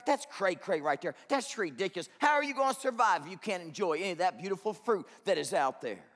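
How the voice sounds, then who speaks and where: A man's voice: high voice, expressive, brisk, fairly bright tone, big-room sound. A man preaching a sermon as pastor, conversational and joking, acting out quotes to the congregation.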